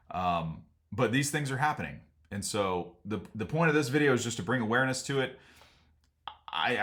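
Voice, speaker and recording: Low-voiced man giving a rambling warning. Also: fairly bright tone. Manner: rambling, frank, laughs at absurd points. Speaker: sauna business owner and channel host. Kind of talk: casual warning vlog.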